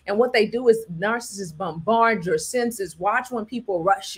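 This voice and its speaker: A woman's voice: mid-range voice, expressive, moderate pace, hardly any pauses, slightly rough. A woman hosting a commentary talk, speaking emphatically and often checking in with her listeners, acting out quoted lines. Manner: preachy, repeats "all right" and "do you understand me", acts out quotes. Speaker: host.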